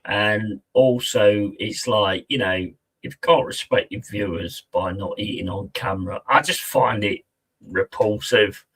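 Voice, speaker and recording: A man's voice: fairly low pitch, unhurried, fairly bright tone, breathy edge, rough recording. A man chatting casually on a live stream, rambling, mocking and swearing a lot.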